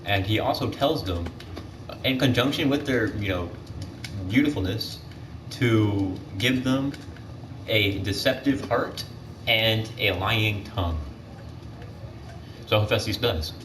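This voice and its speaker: A man's voice: on the low side, slow pace, long pauses. A teenage boy casually retelling myths while gaming, rambling with lots of fillers and self-corrections. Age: teens. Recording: distant mic with clear background noise.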